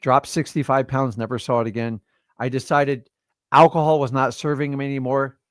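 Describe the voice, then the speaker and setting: A man's voice: mid-range voice, steady tone, normal speed, no echo. Man in his fifties, livestream host, preachy casual talk, dry close mic. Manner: preachy, addresses listeners as guys. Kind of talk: casual motivational chat.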